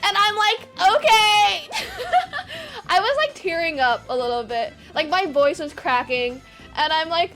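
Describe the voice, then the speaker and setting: A young woman streamer in her twenties, telling a story to her chat in a casual, animated way, swearing and acting out the other people's voices. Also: extremely high pitch, unhurried, music in the background.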